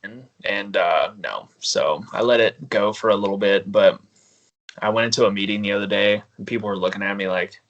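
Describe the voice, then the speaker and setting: A man's voice: fairly low pitch, fairly quick, fairly bright tone, highs cut off. A man chatting casually as a podcast guest, telling prank stories with lots of laughter and acting out the other people's lines. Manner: laughing, storytelling, acts out quoted voices.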